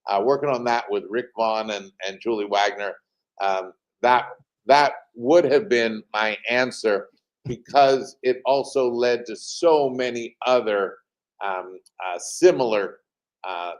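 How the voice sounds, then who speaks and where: A man, a team president, telling animated anecdotes as an interview guest, pausing often with fillers over a remote call. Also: fairly low pitch. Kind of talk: interview storytelling.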